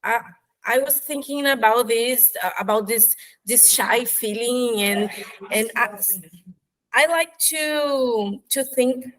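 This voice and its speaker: Slow, hesitant woman far from the mic. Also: on the high side, fairly bright tone. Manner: hesitant, many restarts and fillers. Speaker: participant teacher. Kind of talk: hesitant group discussion. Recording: voice distant from the mic.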